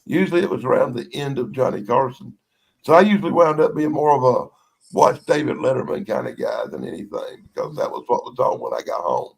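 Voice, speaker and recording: Gravelly man with blunt opinions. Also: medium pitch, big pitch swings, a little fast, low-quality recording. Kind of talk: casual livestream chat.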